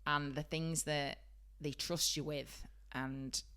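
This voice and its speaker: Deep, fairly bright, slow, and flat in delivery, the voice belongs to a Yorkshire beauty trainer co-hosting a podcast. She chats casually and bubbly about the beauty trade, giggling often.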